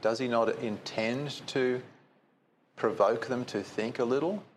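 A man's voice: mid-range voice, measured pace, a little hiss or hum. A man preaching a conversational sermon that keeps putting questions to his listeners.

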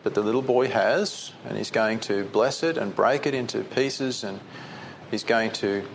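A man's voice: on the low side, unhurried, vocal fry, slight background noise. A man preaching a conversational sermon that keeps putting questions to his listeners.

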